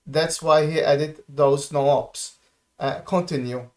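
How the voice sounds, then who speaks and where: A man co-hosting a live coding stream, briskly summarizing and guiding the explanation. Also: fairly high pitch, steady tone, a little mellow. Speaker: co-host and translator.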